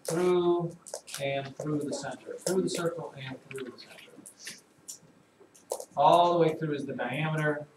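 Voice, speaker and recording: A male math teacher leading a classroom lesson, slowly repeating key terms and calling on pupils by name. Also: a little high. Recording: echoey classroom from far off with noise.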